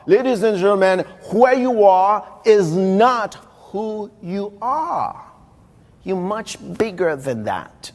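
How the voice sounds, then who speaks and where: A man's voice: high-pitched, lively intonation, takes it slowly, darkish tone. A middle-aged man from Haiti with a Haitian accent, delivering a motivational keynote speech. He tells stories, repeats phrases for emphasis and speaks straight to the audience. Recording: live recording in a reverberant hall.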